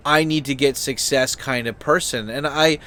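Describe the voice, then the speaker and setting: Speaking at a moderate pace, a man running his own channel sounds bright and forceful at a medium pitch. His opinion chat wanders casually, with plenty of filler words, false starts and cursing.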